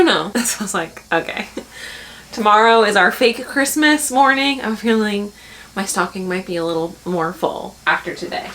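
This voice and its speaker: A young woman chats straight to her camera in a bubbly, rambling way, with fillers tumbling out as she goes. Her pitch sits in the middle for a woman. A faint hiss runs under the recording. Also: bright, forceful tone. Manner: chatty, bubbly, rambling with lots of "like". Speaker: vlogger. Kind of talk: casual chat.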